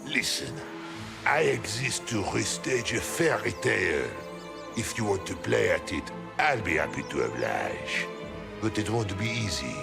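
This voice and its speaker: A man's voice: fairly low pitch, very animated, a little slow, exaggerated voice. An actor playing a bitter, theatrical male Big Bad Wolf in a video game, mocking and sing-song as he tells his tale. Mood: weary. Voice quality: gravelly. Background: game music.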